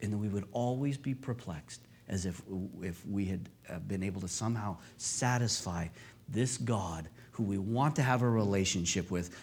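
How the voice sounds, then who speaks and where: A man preaching a sermon, stressing key phrases by repeating them and swinging between loud passages and quiet ones. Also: fairly low pitch, slightly rough.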